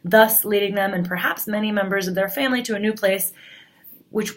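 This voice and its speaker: A woman's voice: medium pitch, brisk. A woman teacher explaining the week's class assignments in a plain, explanatory way with frequent fillers. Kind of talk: recorded class announcement.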